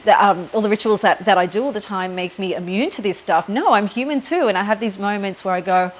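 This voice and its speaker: A woman's voice: mid-range voice, brisk, slight background noise. An Australian woman in her thirties, talking casually into a handheld camera outdoors by the water, rambling with many ums and likes. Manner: rambling, frequent ums and likes, laughs often. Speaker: podcast host. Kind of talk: casual spiritual chat to camera. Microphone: handheld phone camera.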